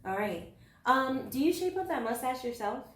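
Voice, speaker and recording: A woman hosting a casual interview, hyped, playful and quick to joke. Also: high-pitched, big pitch swings, a bit bright. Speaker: host. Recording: roomy echo, distant mic, faint noise.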